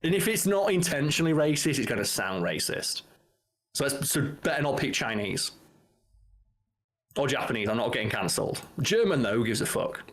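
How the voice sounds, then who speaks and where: Excitable podcast host, lively pitch. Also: male voice, a little fast. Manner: excitable, swears, laughs at silly names. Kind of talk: casual podcast chat over a call. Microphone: remote call mic.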